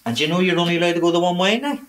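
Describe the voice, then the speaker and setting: An actor playing a grumpy, swearing middle-aged working-class dad with a Belfast accent, grumbling about lockdown rules. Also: male voice, sits high, racing, fairly bright tone. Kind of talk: comedy drama acting.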